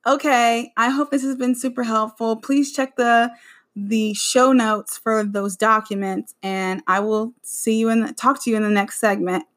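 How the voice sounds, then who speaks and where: A woman's voice: fairly high pitch, fairly even intonation, unhurried. A woman hosting her own podcast, talking casually and rambling with frequent self-corrections. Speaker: podcast host. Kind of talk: casual solo podcast chat.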